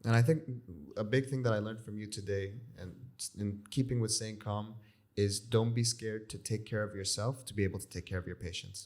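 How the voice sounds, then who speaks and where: A woman podcast host with a very deep, dark voice keeps the conversation going with supportive agreement. She speaks mellowly in a casual interview chat. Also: fairly even intonation, quick pace. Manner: supportive, short affirmations.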